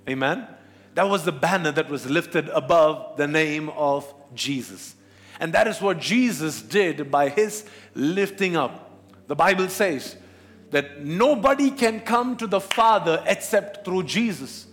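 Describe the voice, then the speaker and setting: A man's voice: a little high, lively intonation, measured pace. A man preaching a sermon as pastor, asking questions of the congregation. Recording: long hall reverb.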